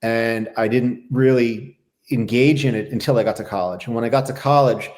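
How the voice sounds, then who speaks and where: A middle-aged man and former Navy SEAL, a podcast guest telling his life story in a candid, halting, reflective way. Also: mid-range voice, steady tone, a little mellow. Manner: reflective, halting, with many restarts.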